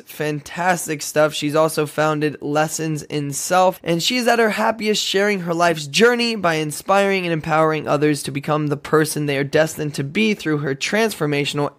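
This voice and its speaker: A man hosting a podcast, introducing his guest and interviewing her in a friendly, upbeat way. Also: on the high side. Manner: friendly and upbeat, laughs often. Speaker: podcast host.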